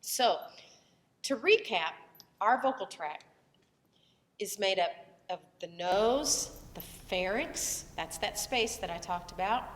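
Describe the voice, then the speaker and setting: A woman's voice: medium pitch, long reverb tail, slight background noise. A woman voice teacher who has a cold, explaining the vocal tract in a loose, conversational lesson and breaking into short vowel demonstrations.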